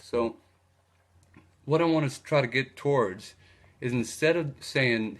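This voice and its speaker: A man's voice: mid-range voice, moderate pace, slight background noise. A man hosting a casual live video on ads, talking loosely with many fillers and restarts. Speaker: host of a live video on online advertising. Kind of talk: casual live-stream talk.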